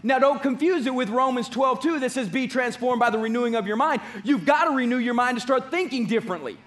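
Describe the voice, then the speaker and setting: A pastor delivers a sermon with a strikingly high-pitched male voice. He preaches emphatically, hammering home his points through repetition, as if speaking in a church. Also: fast, a bit bright. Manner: emphatic preaching with repeated phrases.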